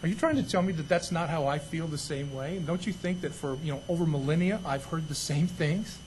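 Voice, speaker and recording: A man voicing God as a calm, patient male figure who gently chides, soft-spoken and wry. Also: fairly high pitch, a little fast, slight background noise, natural voice, poor audio. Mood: gently chiding.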